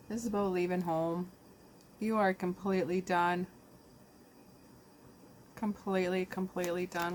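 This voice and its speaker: A woman with a low-pitched voice gives a casual, heartfelt tarot reading that speaks straight to the viewer. There's slight background noise.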